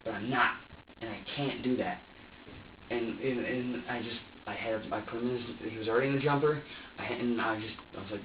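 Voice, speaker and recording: A man's voice: mid-range voice, fairly even intonation, a little fast. A man in his twenties giving an agitated, profane and rambling police interrogation statement, full of restarts. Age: 20s. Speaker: suspect being interviewed. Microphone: room camera from a distance. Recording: roomy, distant, dull lo-fi with faint noise.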